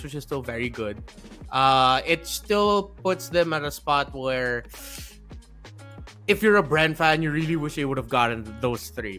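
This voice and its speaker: A man's voice: on the high side, pushed and bright. A man, an esports caster, analyzing results and thinking aloud on a recap panel.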